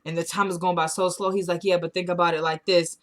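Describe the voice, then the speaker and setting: A woman with a fairly low voice talks fast, recapping a TV drama episode in a relaxed, chatty way. She acts out the characters' lines as she retells scenes and cuts in with her own blunt opinions.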